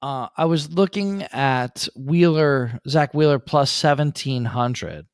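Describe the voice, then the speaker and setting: A man's voice: mid-range voice, takes it slowly, clean tone, dry recording, studio quality. A man co-hosting a sports betting podcast, giving earnest analysis in casual chat with frequent ums. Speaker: podcast co-host.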